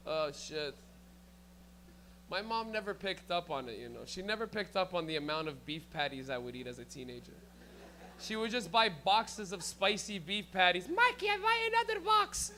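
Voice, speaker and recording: Bright, lively young comic. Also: male voice, sits high, unhurried, long pauses, slight background noise. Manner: loose, profane, riffing, often laughing at his own jokes. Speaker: stand-up comedian. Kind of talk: live stand-up comedy. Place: comedy club with a live audience.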